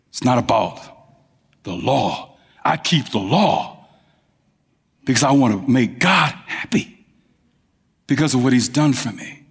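Male preacher, lively storytelling sermon, mid pitch, long hall echo. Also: husky. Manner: animated, rising to high emphatic peaks. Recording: long reverb of a large hall.

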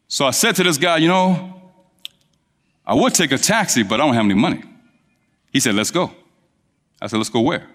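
Male preacher, lively storytelling sermon, mid pitch, long hall echo. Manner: animated, rising to high emphatic peaks. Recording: long reverb of a large hall.

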